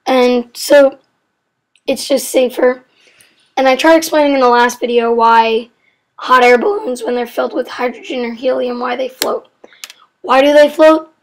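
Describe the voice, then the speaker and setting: A woman explaining chemistry facts in a casual, rambling way, often getting sidetracked and correcting herself with apologetic asides. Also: high voice.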